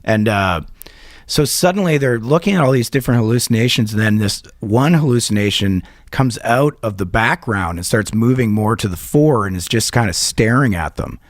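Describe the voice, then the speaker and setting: A man co-hosting a comedy podcast, telling a story in a rambling, animated way and swearing a lot. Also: fairly low pitch, moderate pace, no room sound, clean studio sound. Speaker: podcast co-host.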